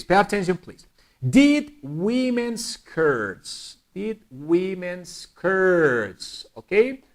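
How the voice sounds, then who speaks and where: Lively bilingual English teacher, man. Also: fairly high pitch. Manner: lively teacher, slows to spell out examples. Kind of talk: bilingual grammar lesson.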